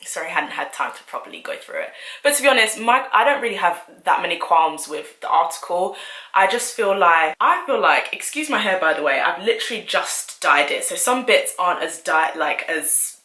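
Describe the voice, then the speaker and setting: A young woman talks straight to camera, chatty and opinionated with quick asides. Her voice is low-pitched but bright and forceful. The room around her rings with a noticeable echo. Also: lively intonation. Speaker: vlogger. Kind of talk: casual talking-to-camera commentary.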